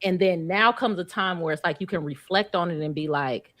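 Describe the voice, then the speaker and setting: A woman's voice: lowish voice, brisk, few pauses, a bit bright, dry recording. A woman on a podcast panel, reflecting thoughtfully in casual, slangy talk.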